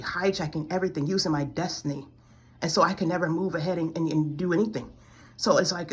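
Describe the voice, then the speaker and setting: A woman in her forties with a deep, slightly rough voice gives a spiritual testimony to camera. Close to tears, she pleads and repeats her complaints.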